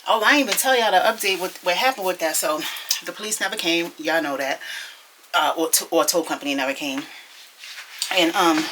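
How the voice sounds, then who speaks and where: A young woman chatting to her viewers at home, telling a story in an animated, gossipy way and calling them y'all. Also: lowish voice, brisk, a little hiss or hum. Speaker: vlogger. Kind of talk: casual chatty vlog storytelling. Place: at home, indoors.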